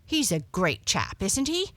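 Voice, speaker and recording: A woman voicing a male dog who is gruff and cross at first but good-hearted, with a hearty, blustery way of talking. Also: medium pitch, wildly swooping pitch, unhurried, a bit bright, dry recording, voice pushed up, heavily acted.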